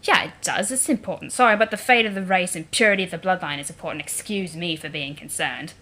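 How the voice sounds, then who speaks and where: A woman voicing an arrogant, foul-mouthed young male troll prince in a deliberately mangled British accent, vaguely Liverpool or Cockney. He swaggers and sneers, and he swears a lot. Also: fairly low pitch, sharp tone. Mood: sneering.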